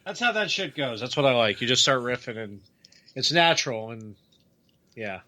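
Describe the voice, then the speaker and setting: A man's voice: mid-range voice, lively intonation, moderate pace, sharp tone. A man co-hosting a casual podcast, wisecracking and swearing freely. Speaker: co-host.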